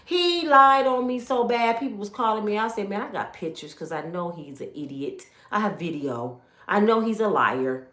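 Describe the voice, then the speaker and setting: A woman's voice: medium pitch, animated, normal speed, fairly bright tone, reverberant. A middle-aged woman from Michigan telling an emotional personal testimony, emphatic and full of quoted dialogue. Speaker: testimony speaker.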